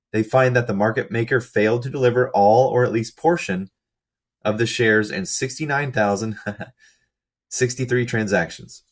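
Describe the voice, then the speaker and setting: A man with a fairly low, hoarse voice that sounds like it is fading, talking through a research paper slide by slide. He reads out lists and figures in a steady, methodical way, with the odd quick aside. It has the feel of a channel host explaining a study to his viewers.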